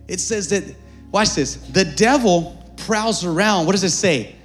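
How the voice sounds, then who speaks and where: A pastor preaching a sermon, moving from joking, conversational asides to shouted, fervent climaxes. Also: male voice, high-pitched, very animated, measured pace, faint music behind.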